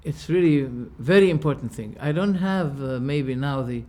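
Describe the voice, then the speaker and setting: A man lecturing a class on religious belief. His voice sits a little high for a man, and he speaks emphatically. He poses rhetorical questions, stumbles into restarts and restates each term. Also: animated, moderate pace, dark tone. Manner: explains terms by restating them. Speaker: religious teacher.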